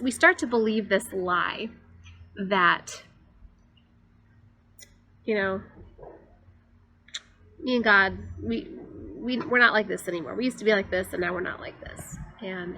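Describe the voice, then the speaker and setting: A woman giving an earnest, confessional faith talk for her church, often pausing on fillers. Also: mid-range voice, creaky, pushed and bright, a little hiss or hum, low-quality recording. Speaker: church speaker.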